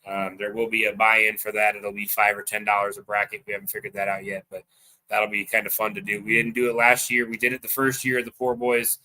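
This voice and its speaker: Excitable, foul-mouthed man with a bright voice. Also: on the low side, fast talker. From United States. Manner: excitable, heavy swearing, rambling with many fillers. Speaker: host. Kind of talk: casual livestream chat.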